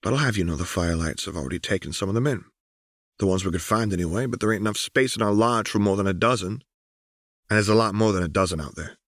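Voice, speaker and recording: A bitter, streetwise young man from the slums, blunt and heated, read by a man. The voice is low and deep. The storybook recording is dry and close. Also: fast, a bit bright, dry recording.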